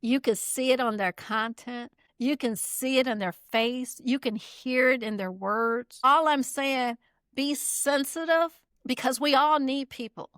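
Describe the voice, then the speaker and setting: Brief: earnest middle-aged woman with a fairly high voice, emphatic and repetitive, dry close sound. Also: unhurried, fairly bright tone, clear, resonant tone, no echo. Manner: earnest, emphatic, repeats key points. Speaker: guest, community builder. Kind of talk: casual conversation.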